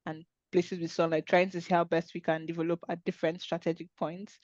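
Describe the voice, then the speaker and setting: A woman's voice: fairly low pitch, flat delivery, fairly quick, a little mellow, no echo, muffled recording. A woman hosting an online webinar discussion, talking in an earnest, conversational way over a video call. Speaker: webinar host.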